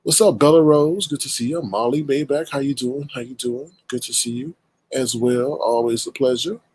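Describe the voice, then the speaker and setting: Here a livestream host and creator runs through individual viewer greetings, drawing out each hello in a lively, joking manner. He speaks at a medium pitch with some breathiness, captured in a dry, poor-quality recording.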